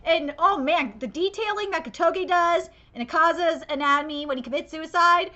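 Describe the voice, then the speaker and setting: Brief: woman streamer, very high sharp voice, profane heated critique, lo-fi recording. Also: moderate pace. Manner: passionate, profane ranting critique. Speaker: anime reaction streamer. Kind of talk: live reaction commentary.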